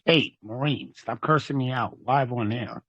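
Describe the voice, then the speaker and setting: Excitable preacher-like man, lo-fi sound. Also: medium pitch. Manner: excitable, rapid shifts in tone, preacher-like. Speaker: host and legal trust teacher. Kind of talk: excited preaching-style talk.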